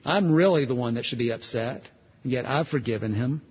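A preacher voicing a gentle, patient Lord. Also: male voice, moderate pace, breathy edge, long reverb tail, muffled recording. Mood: gentle, reassuring. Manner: calm, reassuring, softer and lower than his preaching.

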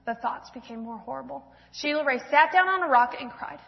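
A woman in her thirties reading a children's storybook aloud to a church congregation, in an expressive, gentle storytelling manner. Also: high voice, fairly quick, creaky, hardly any pauses. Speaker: church speaker. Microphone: handheld or stand mic. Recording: echoey church hall, dull sound.

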